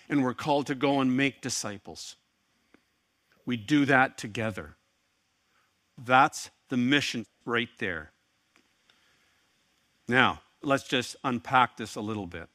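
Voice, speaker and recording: A man's voice: medium pitch, pushed and bright, no room sound. A middle-aged man preaching a sermon, telling a personal story with earnest, wry asides. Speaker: pastor.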